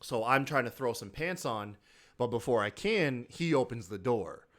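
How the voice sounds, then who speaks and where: A man's voice: mid-range voice, normal speed. A man hosting a podcast, telling a story in a casual, profane, rambling way. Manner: profane, animated, breaks into laughs. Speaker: podcast host.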